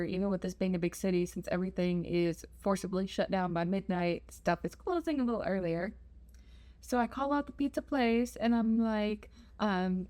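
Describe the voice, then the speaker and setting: A woman's voice: medium pitch, warm tone. A young woman telling a travel story in a chatty, self-deprecating vlog. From United States. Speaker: travel vlogger.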